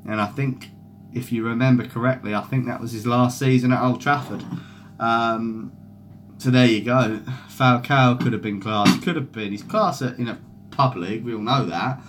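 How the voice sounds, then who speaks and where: Sweary rambling football fan streamer. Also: male voice, medium pitch, normal speed, slight background noise. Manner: sweary, rambling, reads out chat comments. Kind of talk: casual live-stream chat.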